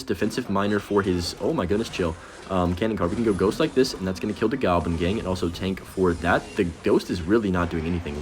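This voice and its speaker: A young man giving casual, rambling commentary over his own gameplay, self-deprecating and reacting quickly to each play. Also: on the low side, slight background noise. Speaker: gaming commentator.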